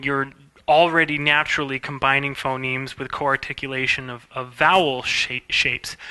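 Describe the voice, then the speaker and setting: A man's voice: a little high, pushed and bright. A man giving a casual, playful animation lecture, demonstrating words aloud as he teaches. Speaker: animation instructor. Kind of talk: recorded lecture.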